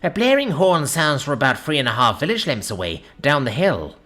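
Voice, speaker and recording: A woman reading a first-person science-fiction story aloud in an expressive, dramatic narration. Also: a bass voice, fairly quick.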